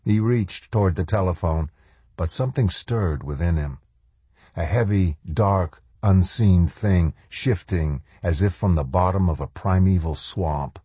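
A man narrating an audiobook in a measured, steady storytelling manner. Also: sits low, slightly rough, dry recording. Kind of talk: scripted narration.

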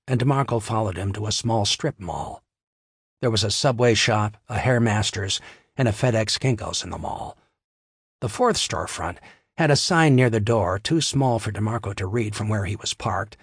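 A man narrating a crime novel in a steady, wry storytelling manner on a close studio mic. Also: on the low side, slightly rough, no room sound. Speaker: audiobook narrator. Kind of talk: scripted narration.

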